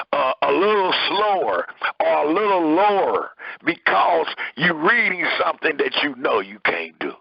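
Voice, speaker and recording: A man delivers a sermon, reading scripture aloud and leaning hard on his words, his pitch rising and falling emphatically. His voice has vocal fry, and the muffled recording has no room sound.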